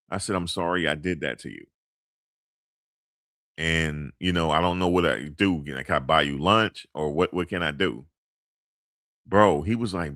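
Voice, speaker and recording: Middle-aged man, very low voice, dry close mic, loose slang-heavy monologue full of restarts. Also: animated, moderate pace, a bit bright, no room sound. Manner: loose, rambling, street slang with many fillers and restarts. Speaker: commentator. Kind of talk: casual storytelling monologue.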